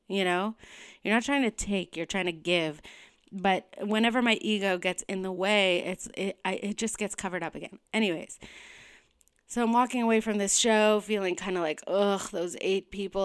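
A young woman talks straight to camera about her comedy nights in a loose, rambling way. Her voice is smooth and clear, at a middle pitch. She is candid and full of fillers. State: tearful, emotional near the end. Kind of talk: personal vlog storytelling.

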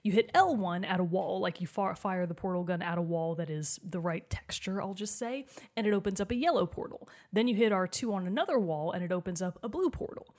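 A woman's voice: fairly low pitch, brisk, hardly any pauses, darkish tone. A woman hosting a podcast in casual chat, enthusiastic and chatty, laughing often.

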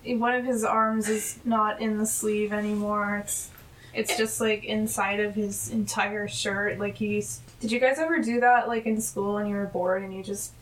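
A woman co-hosting a casual podcast, retelling scenes in an animated way and laughing as she talks. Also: medium pitch, normal speed, recorded from a distance, poor audio. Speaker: podcast co-host. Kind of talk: casual chat recapping a TV episode.

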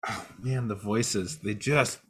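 A man's voice: fairly low pitch, slow, slight background noise, pitched below the performer's own voice. A man voicing a bewildered patient who says he keeps hearing voices. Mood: spooked.

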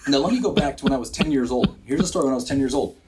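A man in his sixties from Wisconsin, a business owner telling a story in a podcast studio interview, animated and acting out what people said. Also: medium pitch, rapid-fire, background noise. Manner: energetic, acts out quotes, frequent restarts.

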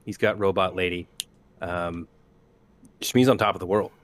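Joking low-voiced man player. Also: steady tone, normal speed. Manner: joking, casual, swears.

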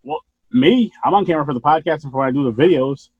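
A man hosting a casual podcast, his voice a little husky as he rambles through his thoughts and swears now and then. The sound is dry and somewhat dull, like a modest home setup. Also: fairly high pitch, quick pace, dry recording. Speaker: podcast host.

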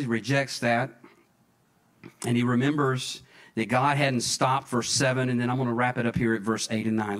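A man preaching a sermon as pastor, earnest and drawn out, with long pauses and sudden leaps up in pitch. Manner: earnest preaching, slow pauses, dramatic swings into high pitch. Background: soft instrumental music.

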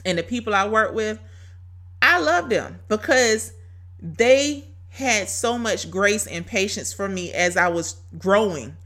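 A woman's voice: mid-range voice, expressive, slow, fairly bright tone. A woman, sharing a testimony on a faith podcast in an emphatic, preachy way. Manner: emphatic, preachy, addresses listeners as y'all. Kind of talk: faith-based podcast talk.

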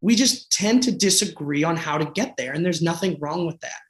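A man's voice: a little high, animated, normal speed, fairly bright tone, echoey room. A man from the Boston area who is running for office, talking earnestly and passionately in an interview, often restarting his sentences. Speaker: political candidate. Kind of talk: conversational interview.

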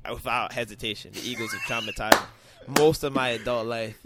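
A man hosting a podcast, chatting casually about football, animated, teasing and swearing freely. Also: medium pitch, brisk, very noisy. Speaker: podcast host. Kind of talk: casual chat.

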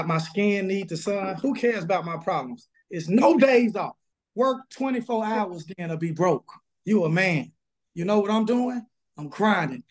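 Man, Southern pastor, high-pitched, emphatic and blunt, remote interview. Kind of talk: casual interview, preaching energy. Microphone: video call.

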